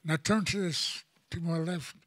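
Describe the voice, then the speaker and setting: An older man from Oklahoma tells a personal story to an audience in a halting, plain-spoken way, often repeating words as he goes. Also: on the high side, steady tone, fairly bright tone, dry recording. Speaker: elder speaker.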